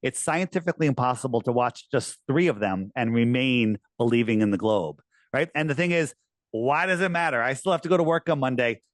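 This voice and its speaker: A man in a casual interview who talks in an animated, persuasive way and often restarts his sentences. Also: medium pitch, a little fast, no echo. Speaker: interviewee, flat-earth promoter.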